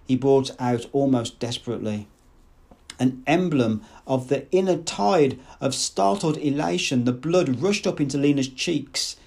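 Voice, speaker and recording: A man narrating a literary audiobook in a measured, expressive way. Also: mid-range voice, gravelly.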